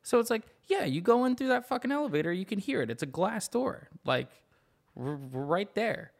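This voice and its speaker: A young man co-hosting a podcast, telling stories in a lively, profane way and acting out the voices of the people in them. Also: high-pitched, normal speed, gravelly. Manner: animated storyteller, profane, acts out voices in anecdotes. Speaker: podcast co-host. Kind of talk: casual chat.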